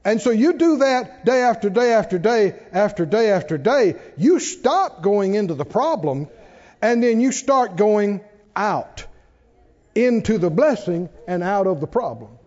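A man preaching a sermon in a church, animated and playful, acting out worried voices and laughing along. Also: high voice, measured pace. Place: church sanctuary. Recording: dull sound, long hall reverb.

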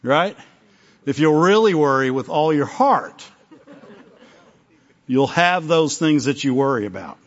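A man's voice: a little high, lively intonation, unhurried, long pauses. A man preaching a sermon in a conversational way, often breaking off and acting out little dialogues. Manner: conversational, self-interrupting, acts out little dialogues. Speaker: pastor. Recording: dull lo-fi recording.

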